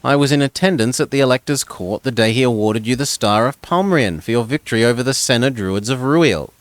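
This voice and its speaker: A man's voice: brisk, no echo, lightly acted. A man voicing a refined young noblewoman, gracious and eager, while reading a gamebook aloud with voices. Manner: high, polite, courtly delivery.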